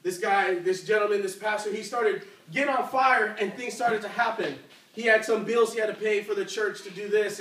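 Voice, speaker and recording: A man delivers a youth sermon like a story told among friends, with lots of fillers and questions to the crowd. His voice sits high for a man. The sound comes from away from the mic and echoes around a big church room. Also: fairly bright tone, far from the mic, a little hiss or hum. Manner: conversational, asks the crowd questions, many fillers. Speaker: youth preacher.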